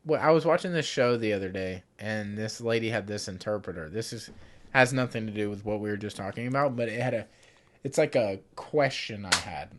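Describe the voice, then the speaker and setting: A man's voice: lowish voice, a little fast, a little hiss or hum. A young man co-hosting a podcast in casual chat, laid-back, swearing now and then and laughing often. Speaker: podcast co-host.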